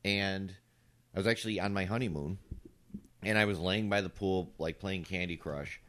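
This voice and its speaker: A man's voice: deep voice, steady tone, normal speed, a bit bright. A man co-hosting a podcast, telling a story in a laid-back way. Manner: laid-back storyteller, mocks others in quoted voices. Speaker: podcast co-host.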